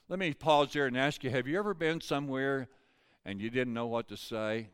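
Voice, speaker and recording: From the pulpit, an older male pastor delivers a storytelling sermon in a folksy, conversational manner. His smooth, resonant voice sits at an ordinary middle pitch for a man, a bit bright and at normal speed.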